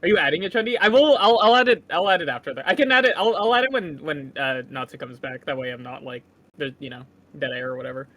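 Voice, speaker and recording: Excitable co-streamer on a call, wide lively pitch, quick to laugh. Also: dry recording. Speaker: guest co-streamer filling in. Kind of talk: casual stream chat.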